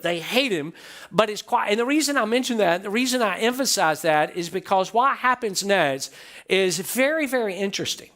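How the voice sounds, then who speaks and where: A man's voice: high-pitched, animated, a little fast, a bit bright. A man pastor preaching a sermon to his church, stressing points by repeating phrases and asking the congregation questions. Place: church sanctuary.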